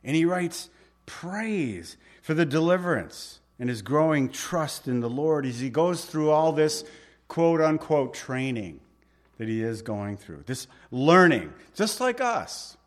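A man's voice: fairly high pitch, big pitch swings, takes it slowly. A man preaching a Bible sermon in a conversational, informal way, with asides to the listeners. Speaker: pastor.

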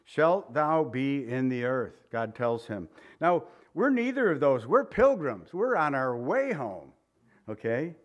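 In this lo-fi recording, a male pastor with a medium-pitched voice preaches slowly and very animatedly. He alternates between loud, emphatic passages and hushed ones, and speaks conversationally as he asks the congregation questions directly.

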